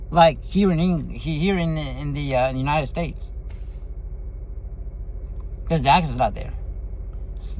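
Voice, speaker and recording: A man's voice: on the high side, a little hiss or hum, low-quality recording. A man giving a casual spoken movie review, rambling and full of fillers and tag questions.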